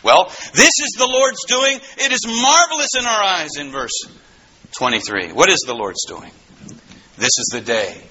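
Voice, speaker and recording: A man preaching a sermon, swinging between soaring exclamations and hushed low asides. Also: sing-song, measured pace. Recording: slightly dull, faintly noisy recording.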